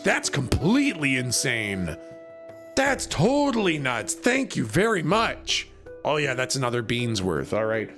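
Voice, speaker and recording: A male streamer with a worn, hoarse voice, chatting casually to his viewers. His pitch leaps around a lot while his pace stays slow and loose. He breaks into laughs and loud shouts, with clear music playing behind him. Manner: laughs often, loud bursts of excitement. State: voice going, hoarse. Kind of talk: casual live-stream chat.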